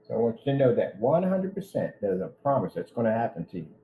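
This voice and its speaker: A man's voice: mid-range voice, big pitch swings, quick pace, mellow, rough recording. A man running his own business, ranting in a vlog with indignant threats aimed at one person. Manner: repetitive, addresses one person directly. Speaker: business owner.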